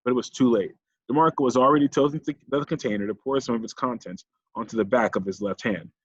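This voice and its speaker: A man reading a children's novel aloud as an audiobook narrator, in steady storytelling. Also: mid-range voice, quick pace, husky, no echo. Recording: dull lo-fi recording.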